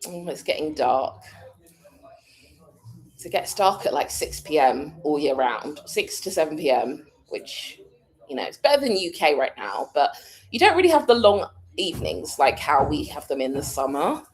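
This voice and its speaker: Chatty British woman, lively pitch. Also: moderate pace. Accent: British English. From United Kingdom. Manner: chatty, laughs often, thinks aloud. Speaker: vlogger answering a live chat. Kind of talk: casual chat.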